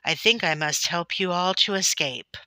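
A woman's voice: fairly low pitch, moderate pace, bright, forceful tone, dry recording. A woman doing a hearty kindly hunter. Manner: hearty and amused. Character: kindly good-humored male elephant hunter.

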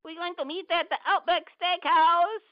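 A woman's voice: very high-pitched, steady tone, normal speed, dry recording. A woman putting on a broken-English foreign persona to taunt someone on a prank phone call. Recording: dull phone-line audio.

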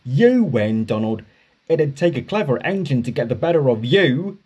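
A man's voice: medium pitch, big pitch swings, normal speed, a little mellow, breathy edge. A man voicing a proud, earnest male steam engine who talks politely and a little self-importantly. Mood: conceding.

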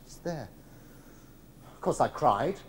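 A man tells stories to a live theatre audience in a chatty, teasing way, picked up on a clip-on mic. His pitch rises and falls a lot. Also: lively intonation, slow. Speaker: solo stage performer. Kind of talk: one-man comedy show storytelling. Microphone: clip-on body mic.

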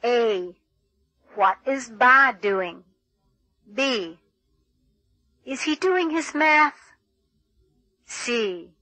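A woman reads a textbook passage in a clear, deliberate way. Her voice is bright and lively in pitch, and she takes it slowly. The sound is dry and close. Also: dry recording, low-quality recording. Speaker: textbook audio reader. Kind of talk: scripted textbook narration.

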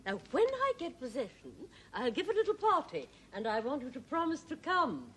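A woman's voice: high-pitched, huge pitch swings, moderate pace, a bit bright, slight background noise, full character voice. An actress playing a sociable, gushing elderly lady who talks in an effusive, sing-song way.

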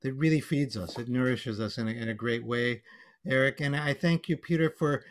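Over a video call, a male emcee and storyteller runs a relaxed online panel, cracking a joke before closing out with playful wordplay. He speaks in a mid-range voice at a moderate pace.

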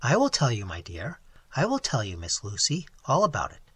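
A man's voice: mid-range voice, wildly swooping pitch, normal speed, a bit bright, slightly rough, pitched below the performer's own voice, exaggerated voice. A man voicing a plump, pompous, self-pitying country clergyman who rambles on self-righteously. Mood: rambling.

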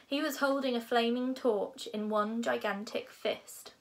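A woman reading a children's novel aloud in a lively, expressive way. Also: fairly high pitch, unhurried. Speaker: reader.

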